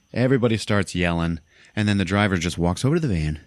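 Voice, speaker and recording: Podcast guy with a deep voice, swears a lot, acting out scenes from a movie, dry close sound. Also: dry recording. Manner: animated, profane retelling, acting out lines. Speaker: podcast host. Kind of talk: casual movie recap.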